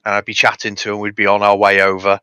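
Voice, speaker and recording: A man, a regular of the stream, telling animated anecdotes in casual group chat. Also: on the low side, quick pace, smooth, no room sound.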